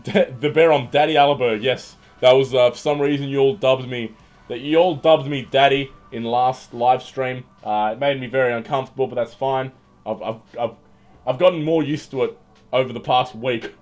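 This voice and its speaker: A young man hosts a relaxed livestream, reading chat messages and riffing on them. He is irreverent and jokey, swears freely and stumbles over repeated words. His voice sits in a medium pitch, with faint music playing underneath. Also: moderate pace. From Australia.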